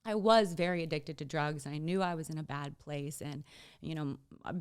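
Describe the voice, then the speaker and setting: A young woman with a deep voice and clean tone is an interview guest, bluntly and tearfully recounting her own painful story. She's emotional and swears freely as she speaks candidly about her life.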